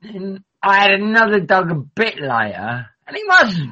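A man rambles through a loose, sweary podcast chat. His voice sits high and swings widely in pitch. The online call audio comes through dull and lo-fi. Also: big pitch swings, moderate pace, sharp tone. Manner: rambling, jokey, sweary banter.

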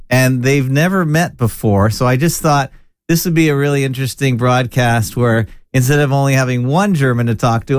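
A man's voice: medium pitch, smooth, no echo, clean studio sound. A man from Ontario hosting an online talk show, introducing his guests in a loose, chatty way with restarts. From Ontario, Canada. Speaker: show host.

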